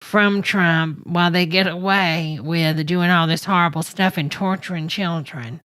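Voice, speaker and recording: A woman's voice: lowish voice, steady tone, unhurried, fairly bright tone, smooth, no echo, poor audio. Brash, profane woman mocking a hearing. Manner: brash, sarcastic and profane, calls everyone honey. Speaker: host reacting to a hearing clip. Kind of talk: comedic reaction commentary.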